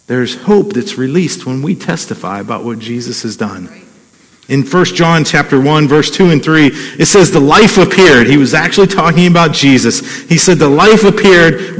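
A man's voice: a little high, big-room sound. A man in his forties preaching a sermon as a pastor, conversational, with asides and chuckles. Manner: conversational, laughs and digresses.

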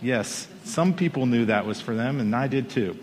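A pastor preaching a Sunday sermon from a riser in church, telling a story in an animated way and pushing his voice up for emphasis. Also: mid-range voice, normal speed. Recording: long hall reverb.

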